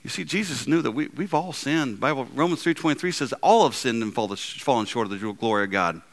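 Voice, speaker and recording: Speaking a little fast, a man gives a lively sermon as pastor, alternating loud emphatic passages with soft, low ones and regularly repeating or restarting what he says.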